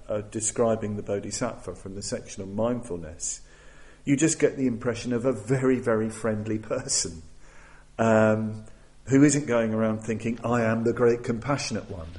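A man giving a Buddhist dharma talk, thoughtful and hesitant, with many restarts and pauses. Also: on the low side, a little mellow, rough recording. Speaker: Buddhist teacher.

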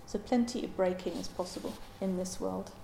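A woman giving a Buddhist dharma talk in a halting, thoughtful way, with many pauses and ums. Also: lowish voice, fairly even intonation, gravelly, mellow, slight background noise. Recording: roomy echo.

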